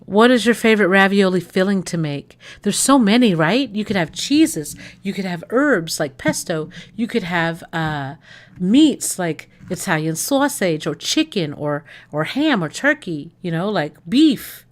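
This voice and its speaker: A woman's voice: mid-range voice, a little slow. A bubbly woman chats on a casual livestream. She gushes and exclaims to her viewers as she browses recipes. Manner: excitable, gushing, talks to viewers. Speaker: livestream host.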